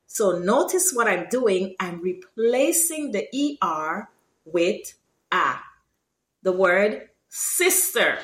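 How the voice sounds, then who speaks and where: A woman from Guyana with a Guyanese accent, teaching her Creolese accent in a casual lesson, explaining slowly and jumping into high, lively example phrases. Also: echoey room. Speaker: language teacher.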